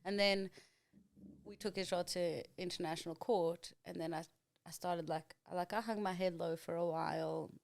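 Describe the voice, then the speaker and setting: A young woman with a South African accent, guesting on a podcast in casual chat, full of likes and restarts and quick to laugh. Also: lowish voice, fairly even intonation, vocal fry. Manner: chatty, many likes and restarts, laughs easily.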